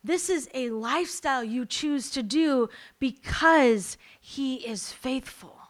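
A woman's voice: sits high, expressive, slow. A woman preaching a sermon to a church congregation, emphatic and repeating her key lines, then leading a prayer.

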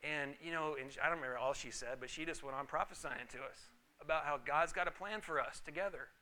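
A man's voice: fairly high pitch, fast, pushed and bright, rough recording. A middle-aged man pastor giving a conversational sermon, telling personal stories and calling for amens. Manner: conversational, storytelling, calls for amens.

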